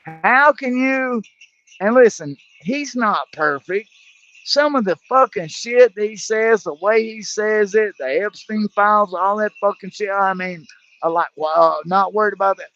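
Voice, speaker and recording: Slow, profane man ranting on a livestream. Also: high voice, bright, forceful tone. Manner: profane, heated, stumbling restarts. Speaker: livestream host. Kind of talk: angry political rant. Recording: dull lo-fi livestream audio.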